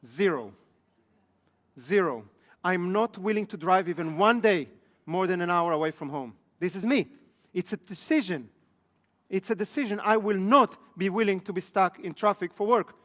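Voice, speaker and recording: High-voiced male trainer in an echoey hall. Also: normal speed, a bit bright. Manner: asks the room frequent check questions. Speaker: business trainer. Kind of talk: live seminar lecture. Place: training room in front of an audience.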